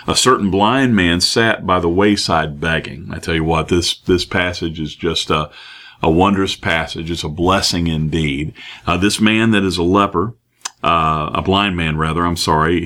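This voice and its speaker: Male preacher, very low voice, halting sermon delivery with fillers and restarts. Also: fairly bright tone.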